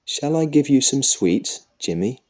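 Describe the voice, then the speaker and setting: A man's voice: mid-range voice, expressive, measured pace, darkish tone, pitched above the performer's own voice. A man voicing a doting, fussy mother who questions her young son tenderly, in an audiobook story for children. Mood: coaxing.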